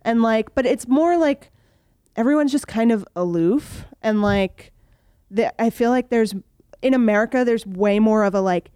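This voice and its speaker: A woman's voice: a little high, normal speed, clean tone, dry recording, clean studio sound. A young woman, a comedian, chatting casually with frequent "like" fillers. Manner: chatty, lots of "like" fillers, animated. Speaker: comedian guest. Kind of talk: casual podcast chat.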